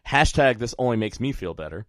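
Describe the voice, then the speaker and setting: A male radio host tells a story with a lively, swinging voice and lots of laughter. He peppers his talk with "all right" and "right?" in a loose, chatty way. The sound is dry and close, with no room echo. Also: medium pitch, brisk. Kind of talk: casual storytelling chat.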